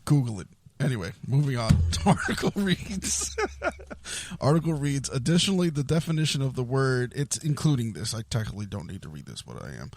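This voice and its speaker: A man's voice: medium pitch, sing-song, fast talker, a little mellow, slight background noise. Man reading an article on a podcast. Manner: stumbles over long words, laughs at himself. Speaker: podcast host. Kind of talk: casual podcast chat, reading an article aloud.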